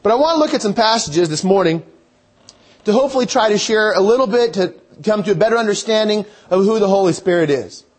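A man's voice: high-pitched, animated, quick pace. A man preaching a sermon in a conversational way, thinking aloud and restarting his phrases.

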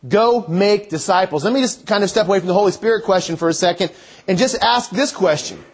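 A man's voice: high voice, fast talker, husky. A man preaching a sermon in a conversational way, thinking aloud and restarting his phrases.

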